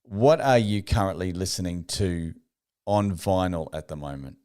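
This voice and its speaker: A man's voice: deep voice, moderate pace, a little mellow, clear, resonant tone. A man hosting an interview, asking questions in a casual, hesitant way with many "uh"s. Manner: hesitant, frequent "uh" and restarts. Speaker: interview host.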